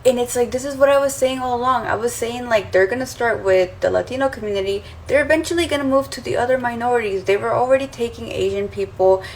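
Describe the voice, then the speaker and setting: A woman's voice: on the high side, quick pace, few pauses, a little mellow, slight background noise, rough recording. A woman content creator talking to camera in a casual, exasperated monologue, saying 'like' often. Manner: chatty and exasperated, uses 'like' a lot. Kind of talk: casual social media monologue.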